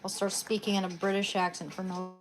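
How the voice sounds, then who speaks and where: A woman's voice: medium pitch, flat delivery, fairly quick, over music. A young woman live streaming from her bedroom at home, chatting casually into her phone in rambling asides.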